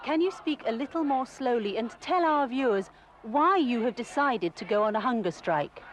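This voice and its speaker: An actress playing a female TV street reporter who speaks in a clear, measured way. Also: on the high side, lively intonation, natural voice. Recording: loud crowd and noise behind.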